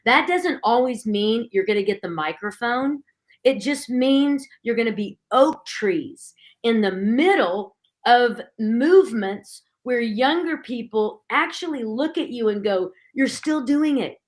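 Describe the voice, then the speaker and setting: Brief: middle-aged woman, fairly high voice, lively faith-talk guest who acts out quotes. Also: a little slow. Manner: animated storytelling, acting out quoted voices. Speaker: guest speaker. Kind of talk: conversational Christian talk.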